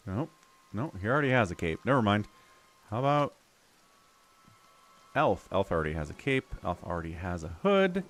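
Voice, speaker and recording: A man's voice: lowish voice, very animated, moderate pace, pauses often, fairly bright tone, a little hiss or hum. A man streaming a role-playing game, chatting casually and reading the game text aloud. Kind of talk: casual gameplay commentary.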